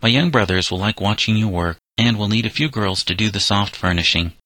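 A man narrating a children's novel aloud in a steady storytelling manner, giving the boys light character voices. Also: lowish voice, brisk, no echo. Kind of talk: audiobook reading of a children's novel.

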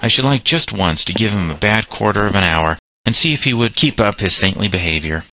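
A man's voice: fairly low pitch, animated, sharp tone, dry recording, poor audio. A man voicing a sour, resentful teenage boy complaining about a classmate. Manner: sour, slow.

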